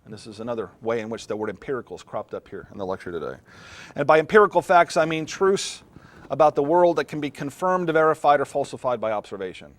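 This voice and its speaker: A man's voice: medium pitch, sing-song, fast, no room sound. A middle-aged man, a philosophy professor, lecturing a class in a classroom in a conversational way, often putting questions to his students.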